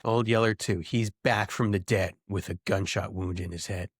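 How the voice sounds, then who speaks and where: A young man co-hosting a comedy podcast in loose, joking banter. He rants animatedly and his voice leaps higher as he gets worked up. The sound is dry and close, with no room echo at all. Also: moderate pace. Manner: animated, jokey, rants with rising pitch. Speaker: podcast co-host. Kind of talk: casual banter.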